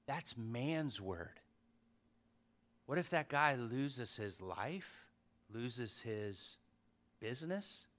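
A man in his thirties preaching a casual sermon, swinging from loud exhortation to hushed emphasis. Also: medium pitch, lively intonation, very slow, long pauses.

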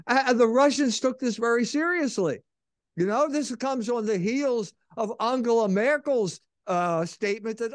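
Emphatic high-voiced man, dry sound. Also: expressive, moderate pace, no echo. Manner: emphatic and sardonic. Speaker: co-host. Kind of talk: casual political talk show.

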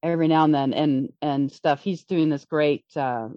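A middle-aged woman with a fairly low voice tells a long, rambling story and restarts her sentences as she goes. The recording sounds dull, lo-fi and dry. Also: normal speed, no room sound. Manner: rambling, excitable, many restarts. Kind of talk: casual storytelling.

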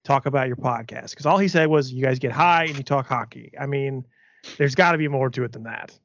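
A man's voice: mid-range voice, fairly quick, creaky, fairly bright tone, dry recording. A man hosting a casual podcast, asking questions in a loose, joking, profane way. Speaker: podcast host. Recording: dull lo-fi audio.

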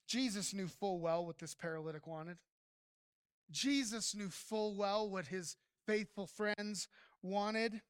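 A pastor preaching a sermon, speaking straight to the congregation with frequent "right?" and building to near-shouts at high points. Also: clean tone, no room sound, clean studio sound.

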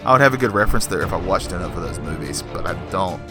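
A man's voice: low voice, animated, quick pace, music in the background. Rambling jokey man reviewing a movie. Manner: rambling and jokey, many fillers. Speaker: podcast host. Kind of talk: casual solo movie review podcast.

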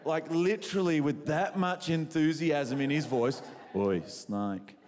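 Australian male preacher, fairly high voice, animated storyteller who works the crowd, echoey hall sound. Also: a little slow, a little hiss or hum. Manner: animated, quizzes the crowd, self-mocking. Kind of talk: humorous sermon storytelling.

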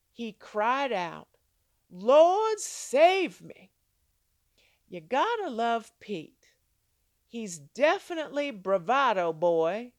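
A woman teaching a devotional Bible lesson, telling the story dramatically and asking her listeners rhetorical questions. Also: dry recording. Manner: acts out quoted lines with big pitch jumps. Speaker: Christian devotional speaker.

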